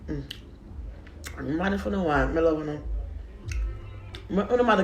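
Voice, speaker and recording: A food vlogger with a high-pitched voice chats casually to his viewers while eating, rambling between thoughts at a moderate pace and pausing often. He talks with his mouth full between bites. Soft background music plays in an echoey room.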